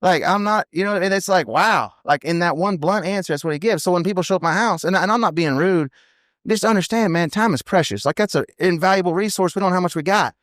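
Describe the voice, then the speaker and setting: A man, a podcast guest telling blunt, rapid stories in casual chat. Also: high voice, fairly bright tone, no echo, studio quality. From United States. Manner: blunt, fast storytelling with many "you know what I mean"s. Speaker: podcast guest, team roper.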